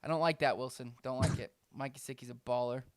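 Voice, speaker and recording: A man co-hosting a casual fantasy football podcast, reading out names with animated delivery and frequent laughs. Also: mid-range voice, fast, smooth, no room sound. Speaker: podcast co-host. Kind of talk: casual chat.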